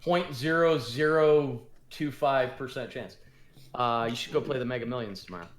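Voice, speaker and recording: A man's voice: mid-range voice, moderate pace. A man narrating as game master of a tabletop game, laid-back and rambling with fillers. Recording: roomy echo.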